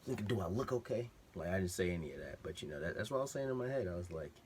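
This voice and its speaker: Low-voiced man rambling through a story. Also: sing-song, rapid-fire, a little mellow, a little hiss or hum. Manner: rambling and slangy, with many digressions. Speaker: vlogger. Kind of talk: casual storytelling. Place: room at home with a TV on behind.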